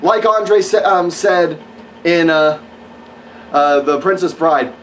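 A man's voice: on the high side, slow pace, pauses often, far from the mic, a little hiss or hum, rough recording. A man giving a casual, rambling spoken review of wrestling matches, sarcastic and full of fillers.

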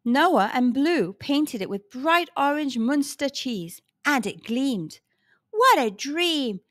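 Children's storyteller, woman, high and expressive, unhurried. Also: no room sound, clean studio sound. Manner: animated, expressive. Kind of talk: children's read-aloud.

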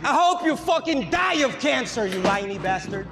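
A man from the Philippines, delivering taunting rap battle verses with punchy lines and bursts of shouting. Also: very high voice, big pitch swings, normal speed, loud music behind the voice. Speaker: battle rapper.

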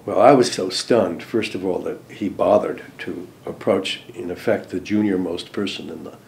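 An older American man, a former diplomat, recalling events in an interview, hesitant with many ums and restarts, trailing off softly at phrase ends. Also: sits low, moderate pace, creaky, slight background noise. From United States. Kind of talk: interview recollection.

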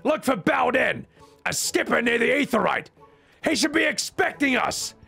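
A man voicing a small, cheerful female merchant in a squeaky falsetto, speaking in prim formal phrases that break into crude jokes, as a comedic game voice-over. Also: lively intonation, moderate pace, gravelly, pushed and bright, breathy edge, soft background music, heavily acted. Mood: chipper.

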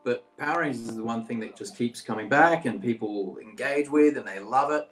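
Speaking fairly quickly at medium pitch, a Brazilian actor in his thirties tells casual stories as an interview guest over a video call, relaxed and rambling with many "like" fillers. The rough recording has an echoey room and faint music behind him.

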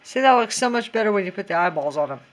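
A woman's voice: medium pitch, animated, quick pace. A woman in a casual DIY craft tutorial, chatty and giggly and talking to herself as she works.

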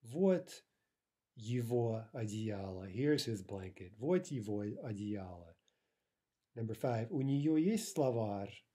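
A man gives a recorded language lesson in a relaxed, warm voice. He explains each example patiently and often pauses to ask "right?" before moving on. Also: mid-range voice, breathy edge. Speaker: language teacher.

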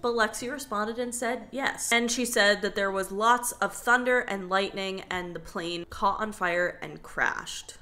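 A woman's voice: medium pitch, a little slow, few pauses, bright, forceful tone. A young woman vlogger casually retelling a spooky story, chatty and dramatic, with lots of fillers. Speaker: vlogger host.

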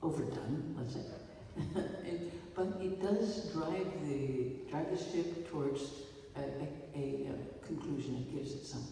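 A woman's voice: low voice, measured pace, vocal fry, hardly any pauses, warm tone. A woman filmmaker speaking to an audience after a screening, telling rambling stories with a wry, playful humor. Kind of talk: stage talk to an audience. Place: large theater hall. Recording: echoey hall from far off, faint noise.

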